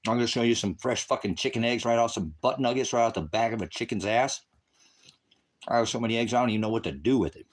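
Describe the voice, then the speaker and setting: A man's voice: medium pitch, fast talker. A man ranting angrily on a livestream, taunting and cursing at viewers in a combative, profane way, partly outdoors on his farm and speaking into a phone camera. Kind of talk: angry livestream rant at chat.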